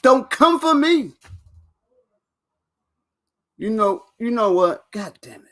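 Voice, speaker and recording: A man's voice: extremely high pitch, very animated, takes it slowly, fairly bright tone. A man hosting his own video channel, rambling and swearing as he talks straight to viewers and laughs between lines. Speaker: vlog host. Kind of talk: casual rant to camera.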